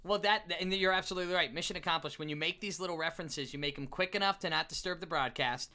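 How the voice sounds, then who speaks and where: A man's voice: a little high, fast, pushed and bright. A man hosting a podcast, asking earnest questions in a casual interview. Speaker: podcast host.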